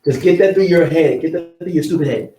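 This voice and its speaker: A man's voice: fairly high pitch, brisk, warm tone, a little hiss or hum. A man hosting an insurance advice show, talking casually and bluntly, mocking excuses and repeating himself. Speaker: host giving insurance advice. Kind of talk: casual talk to camera. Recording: roomy sound, mic at a distance.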